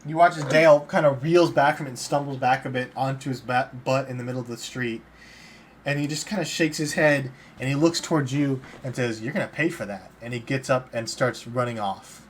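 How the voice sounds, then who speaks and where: A man narrating as game master in a tabletop game, calm and plain, slipping into short character lines. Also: mid-range voice, brisk, a little hiss or hum.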